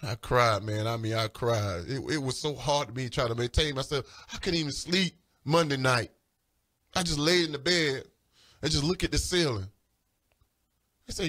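A man's voice: mid-range voice, moderate pace, a bit bright. A man giving an emotional spiritual testimony on the radio, pleading and repeating himself as he talks. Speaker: caller giving a religious testimony. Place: radio studio or phone-in.

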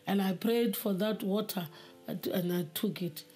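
A woman giving a spoken testimony in an earnest, halting way, often repeating words. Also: medium pitch, fairly even intonation, dark tone. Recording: faint music behind.

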